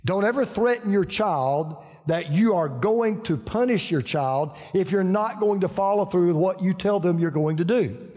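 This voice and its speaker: A man's voice: high voice, moderate pace, a little mellow. Older Southern man preaching in a hall. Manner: folksy, storytelling, frequent restarts. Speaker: pastor. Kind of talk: sermon.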